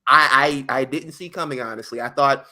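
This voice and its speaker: A man co-hosting a podcast in casual chat, retelling events with animated storytelling and slangy acted-out quotes. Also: mid-range voice, brisk. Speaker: podcast co-host.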